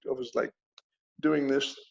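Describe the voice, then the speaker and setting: A man telling a personal story in a halting way, repeating words and chuckling through grim details. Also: fairly high pitch, big pitch swings, vocal fry. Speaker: interviewee recounting a combat injury. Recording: dull lo-fi recording.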